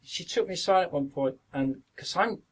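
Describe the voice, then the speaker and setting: A man's voice: on the high side, normal speed, husky. A middle-aged man with a Yorkshire accent, a guest actor reminiscing through long anecdotes in a casual podcast interview.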